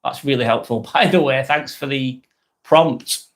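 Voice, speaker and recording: A man's voice: medium pitch, unhurried. A man hosting a live vlog, chatting casually with viewers and thanking them while he types.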